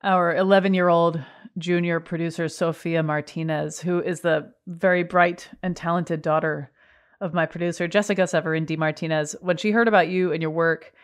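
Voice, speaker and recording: A woman hosting an interview, asking measured, carefully phrased questions. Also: on the low side, clean tone. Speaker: host.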